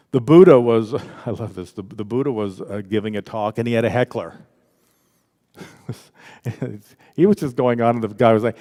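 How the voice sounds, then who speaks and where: A man leading an interactive spiritual workshop at a church, talking in a lively, conversational way and acting out the voices he quotes. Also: mid-range voice, moderate pace, long pauses. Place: church hall. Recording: echoey hall with long reverb.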